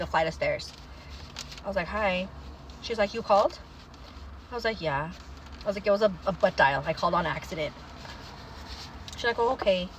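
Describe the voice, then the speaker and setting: A young woman hosting a casual livestream, chatting to viewers and telling stories in an animated way. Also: lowish voice, a little hiss or hum, low-quality recording. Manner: chatty, animated storytelling, calls viewers girl. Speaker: livestream host.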